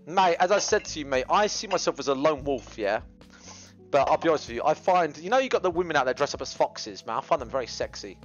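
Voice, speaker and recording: Brief: male livestreamer, brash rambling chat, animated, dull camera-mic sound. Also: a little high, quick pace, faint music behind. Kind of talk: casual cooking livestream chat. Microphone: GoPro camera mic.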